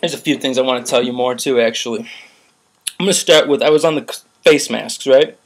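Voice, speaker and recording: A man's voice: mid-range voice, fairly quick. A young man ranting profanely to camera in a rambling video commentary. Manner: profane, heated, rambling with frequent "like". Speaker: vlogger recounting a protest.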